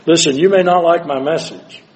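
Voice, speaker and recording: An older man delivers a sermon with a fairly high voice. He drops to a hush, then rises to dramatic cries. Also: fairly quick. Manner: dramatic, swings from hushed to loud. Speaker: preacher.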